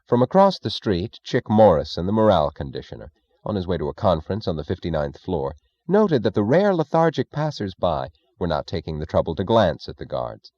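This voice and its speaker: A man narrating an audiobook in a steady, deliberate reading. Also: low voice, no room sound, highs cut off.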